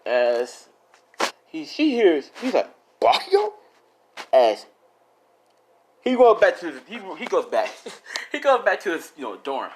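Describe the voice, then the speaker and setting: A man's voice: high voice, sing-song, moderate pace, slight background noise. A man casually improvising a fan story, rambling, slangy and swearing, often correcting himself. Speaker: YouTuber storyteller.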